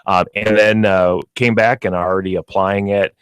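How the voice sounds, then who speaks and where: Deep-voiced middle-aged Midwestern man. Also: fairly even intonation, moderate pace, smooth, dry recording. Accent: American Midwest. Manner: friendly, informative, fillers with uh. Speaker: pet store representative. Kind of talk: casual radio chat. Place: radio studio. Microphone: studio microphone.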